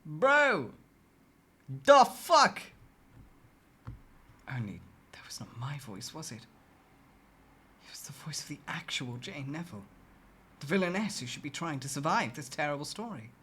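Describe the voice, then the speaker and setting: A streamer reading a story game aloud and reacting with loud, swearing outbursts. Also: mid-range voice, expressive, normal speed, slightly rough.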